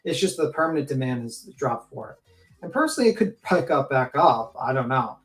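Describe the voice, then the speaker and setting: A man's voice: medium pitch, animated, brisk, faint music behind, rough recording. A man in a casual livestream chat, rambling and joking, with frequent swearing and filler words.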